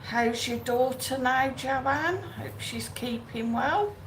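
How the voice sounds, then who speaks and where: A woman hosts a relaxed live stream, outdoors or at home in Benidorm, reading viewers' comments aloud and greeting people by name. Her voice sits high and she speaks slowly. The recording is low-quality, with a faint noise humming beneath.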